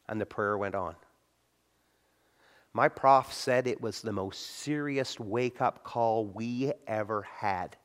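A man's voice: lowish voice, takes it slowly. Man preaching in a conversational sermon. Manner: conversational preaching with acted-out quotes. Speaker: pastor.

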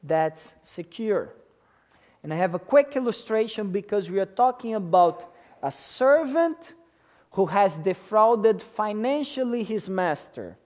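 A man's voice: sits high, lively intonation, a little slow, a little mellow. A man preaching a sermon to a congregation in an emphatic way, often checking in with them by asking questions. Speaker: pastor.

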